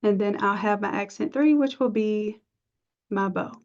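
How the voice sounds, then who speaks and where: A woman teaching a live software design class, chatty and encouraging, thinking aloud as she works. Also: mid-range voice, moderate pace. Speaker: design instructor. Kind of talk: live screen-share tutorial. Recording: dull lo-fi stream audio.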